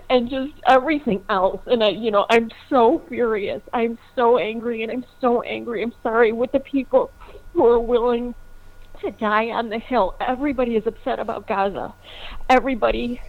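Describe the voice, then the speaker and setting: A woman calling in to a talk show, speaking emotionally and on the verge of tears. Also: on the high side. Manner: emotional, tearful and urgent. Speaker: caller. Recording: tinny phone line.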